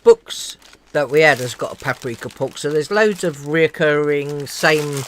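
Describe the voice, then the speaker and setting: A man's voice: on the high side, measured pace, a little hiss or hum. A man co-hosting a casual livestream chat, laid-back with mumbled trailing asides. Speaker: co-host.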